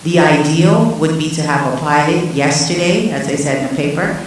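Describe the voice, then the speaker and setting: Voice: medium pitch, moderate pace. A presenter addresses a community meeting in a hesitant way, with many fillers. The voice rings out in a very echoey hall and is caught from far off, with faint background hum. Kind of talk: presentation talk. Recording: echoey hall, distant mic.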